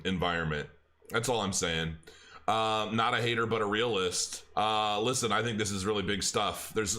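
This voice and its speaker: Bright-voiced man chatting on a livestream. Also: on the low side. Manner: rambling, reads chat aloud, many restarts; joking, laughs often. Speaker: crypto livestream host. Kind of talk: casual livestream chat.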